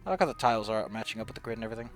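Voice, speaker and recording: A man streaming a game, reading its narration aloud and chatting in a lively, self-mocking way. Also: fairly low pitch, rapid-fire, soft background music. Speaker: streamer playing a video game.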